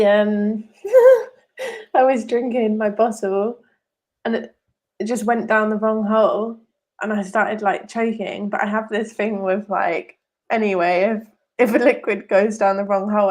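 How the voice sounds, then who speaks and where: Woman chatting on a podcast, open and chatty, middle pitch. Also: unhurried, darkish tone. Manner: candid, storytelling with quoted reactions. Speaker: podcast co-host. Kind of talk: casual chat.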